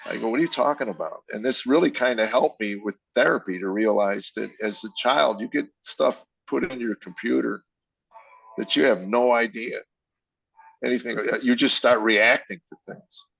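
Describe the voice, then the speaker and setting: A man's voice: medium pitch, normal speed, gravelly, a bit bright, no room sound, poor audio. An older man, a comedian guest, telling candid personal stories with emotion and acting out quoted dialogue.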